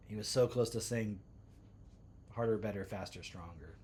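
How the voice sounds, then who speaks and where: A man's voice: lowish voice, normal speed, pauses often, darkish tone, slight background noise. A man hosting a livestream from home, reading posts aloud and breaking in with sarcastic, incredulous asides. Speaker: livestream host.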